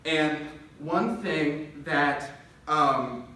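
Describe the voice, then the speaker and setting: A young man preaching a sermon, telling a parable with quick laughs and building to impassioned lists. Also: fairly high pitch, bright, forceful tone. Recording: echoey room, distant mic.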